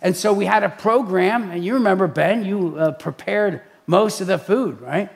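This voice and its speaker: A man preaching in a chatty way, telling stories with lively acted-out voices. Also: high voice, moderate pace, gravelly. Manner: animated storytelling, acts out quoted voices. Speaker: pastor. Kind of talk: preaching talk.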